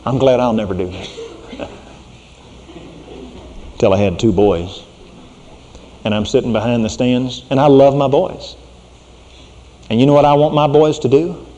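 A middle-aged man preaching a sermon as a pastor, folksy and conversational, dropping to a hushed tone for serious points. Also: medium pitch, fairly even intonation, measured pace, pauses often, in a large hall, slight background noise.

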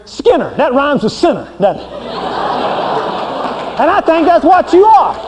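A preacher acting out a stern, holy male God with a very high, strained voice, scolding and ordering a sinner out. The shouting rings through a reverberant hall with a faint hiss underneath. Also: very animated, unhurried, heavily acted.

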